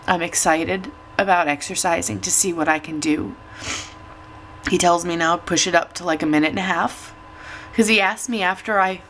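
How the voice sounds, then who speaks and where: A woman's voice: mid-range voice, fairly bright tone, a little hiss or hum. A woman talks to her camera at home, chatty and emotional, tearful and laughing at herself. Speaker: weight-loss vlogger. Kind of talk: casual chat to camera.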